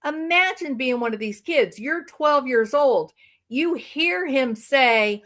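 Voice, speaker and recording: A woman's voice: high voice, lively intonation, a bit bright. A woman hosting a livestream, giving emphatic, sarcastic reaction commentary. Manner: emphatic and sarcastic, drawn-out phrasing. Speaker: livestream host.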